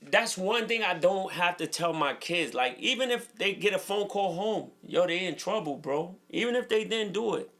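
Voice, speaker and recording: A New York man talks earnestly on a casual podcast in a high, bright voice with a gravelly edge. He leans on "bro" and repeats himself for emphasis. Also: expressive, normal speed, few pauses. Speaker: co-host, father.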